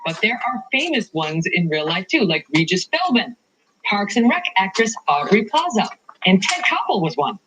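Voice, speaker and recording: A woman's voice: medium pitch, big pitch swings, normal speed, crowd noise, low-quality recording. A woman hosting a talk show, touring a studio in a playful, self-mocking way and laughing often. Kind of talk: playful on-location TV segment. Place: TV studio and halls, touring on foot.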